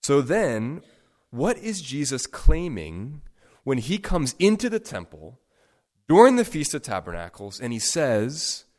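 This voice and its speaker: A man preaching a sermon, stressing words by stacking them and swinging sharply between soft and loud. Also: a little high, very animated, unhurried. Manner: emphatic, with sharp swings in loudness. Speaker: pastor.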